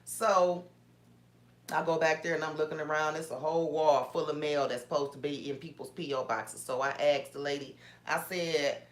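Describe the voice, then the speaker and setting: A woman's voice: low voice, fairly even intonation, normal speed. A woman vlogger telling a story in a casual, indignant way, with many restarts. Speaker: small business owner vlogger. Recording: roomy echo.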